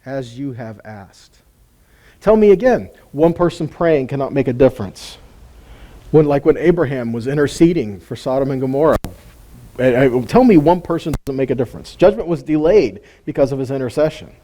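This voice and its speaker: A man's voice: medium pitch, expressive, a little fast, warm tone. A man giving an informal sermon teaching, conversational and full of rhetorical questions and chuckling asides. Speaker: Bible teacher.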